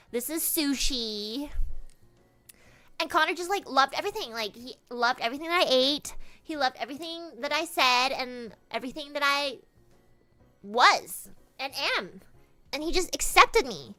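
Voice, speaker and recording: A woman's voice: high-pitched, lively intonation, moderate pace, pushed and bright. A young woman streamer telling a silly story in a bubbly, exaggerated way. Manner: bubbly, exaggerated, lots of "oh my God". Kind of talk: casual storytelling.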